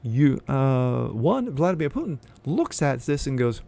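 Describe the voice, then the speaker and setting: A man's voice: medium pitch, big pitch swings, a little slow, vocal fry, few pauses, mellow. A man hosting his own political commentary vlog, reading news aloud and then ranting his opinion in a blunt, profane, sneering way. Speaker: host of a political commentary channel.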